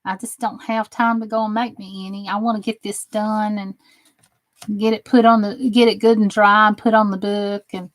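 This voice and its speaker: A woman with a Southern US accent hosts a crafting channel, talking casually with viewers in a mid-range voice that barely moves in pitch. She speaks at normal speed on a dry recording, sometimes sarcastic and teasing, sometimes sincerely encouraging.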